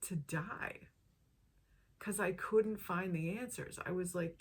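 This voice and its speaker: Low-voiced woman telling her story earnestly. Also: slightly rough. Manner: earnest, heartfelt, drawn-out phrasing. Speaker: health vlogger. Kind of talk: personal testimony vlog.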